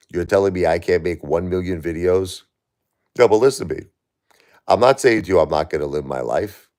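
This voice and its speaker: A man's voice: low-pitched, darkish tone. A man in his forties, a livestream host, talking heatedly and repetitively in an emotional chat with a viewer.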